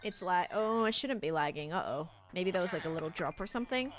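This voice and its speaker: A young woman from Sydney with a softened Australian accent, chatting casually and rambling while she streams a game and answers her chat. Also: lowish voice, expressive, fast talker, faint music behind.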